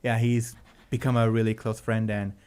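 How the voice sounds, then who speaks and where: A man's voice: lowish voice, normal speed, smooth. A man, a guest author, chatting casually on a livestream and laughing often as he tells stories. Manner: laughs often, animated storytelling.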